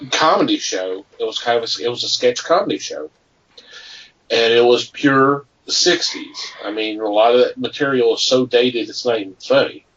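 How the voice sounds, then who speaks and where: A man co-hosting a podcast, telling rambling stories in casual chat and getting animated at the punchlines. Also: mid-range voice, recorded from a distance. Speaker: podcast co-host. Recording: muffled, from off the mic.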